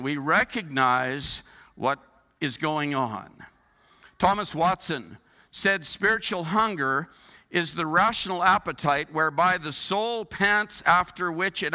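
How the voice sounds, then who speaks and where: A man's voice: fairly high pitch, bright, forceful tone, in a large hall. A man preaching a sermon as a pastor, earnest, building his points with rhetorical questions.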